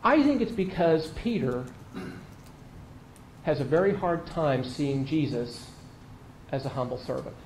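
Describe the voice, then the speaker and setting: A man's voice: on the high side, lively intonation, a little slow, long pauses, a little mellow. A man preaching a sermon in a conversational, storytelling way, with emphatic repeats and quoted lines. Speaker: pastor. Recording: echoey room with faint noise.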